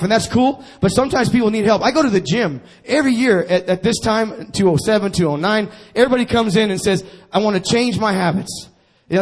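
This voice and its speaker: A man preaching a sermon to his congregation, calling for responses and repeating his phrases. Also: high-pitched. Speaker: pastor.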